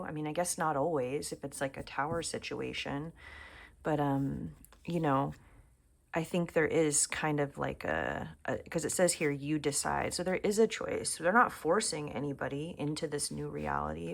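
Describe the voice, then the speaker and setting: Low, gravelly-voiced woman reading tarot. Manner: chatty, musing aloud, often drops to a soft near-whisper. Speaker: tarot reader. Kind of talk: casual tarot reading to camera. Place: home room.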